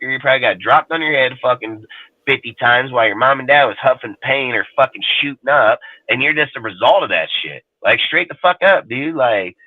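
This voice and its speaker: A man's voice: medium pitch, no echo. A man in casual chat, ranting bluntly and swearing heavily. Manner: profane, blunt, heated. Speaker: roundtable panelist. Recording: tinny, dry call audio.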